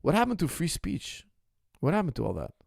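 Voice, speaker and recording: A man's voice: fairly high pitch, huge pitch swings, fairly quick, gravelly, no echo, clean studio sound. A man hosting a casual question-and-answer podcast as a martial arts coach, talking in a heated, indignant, emphatic way. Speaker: MMA coach and podcast host.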